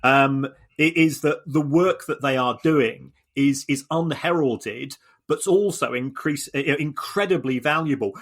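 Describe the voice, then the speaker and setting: A man's voice: medium pitch, a little slow, a bit bright. Man explaining football finance. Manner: explanatory, analytical. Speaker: podcast co-host, football finance analyst. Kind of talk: casual podcast discussion.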